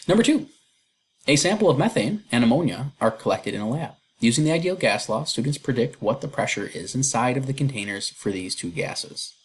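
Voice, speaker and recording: Husky-voiced man teaching chemistry. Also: medium pitch, big pitch swings, moderate pace. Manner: casual and chatty, fillers and self-deprecating asides. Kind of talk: recorded lecture walkthrough.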